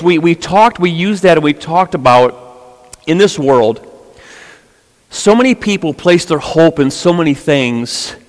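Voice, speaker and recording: A pastor talks casually to a youth group, his voice sitting a bit high for a man. He speaks conversationally, often repeating words, and the sound rings with long reverb in a church hall. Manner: conversational, with many repetitions and fillers. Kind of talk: informal sermon to a youth group.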